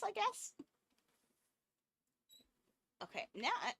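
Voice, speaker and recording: A young woman streaming a game, chatting casually in quick, giggly asides. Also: high voice, big pitch swings, a bit bright, no echo. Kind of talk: casual chat while playing a game.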